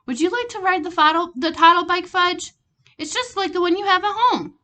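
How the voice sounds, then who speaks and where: A woman reading aloud, voicing a busy, patient father who speaks calmly and reasonably. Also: a little high, a little fast. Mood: reasoning.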